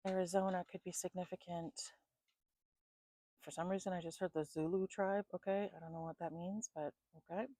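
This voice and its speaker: A woman doing an intuitive psychic reading at home, calmly listing names and places she picks up, thinking aloud and a bit sleepy. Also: on the low side, fairly quick, no room sound, poor audio. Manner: calm, repetitive, thinking aloud. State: sleepy, yawning. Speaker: psychic reader.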